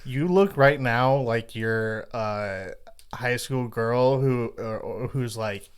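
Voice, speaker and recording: A man's voice: mid-range voice, takes it slowly, clean tone. A man co-hosting a casual podcast chat, telling stories with dry, teasing humor. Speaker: podcast co-host.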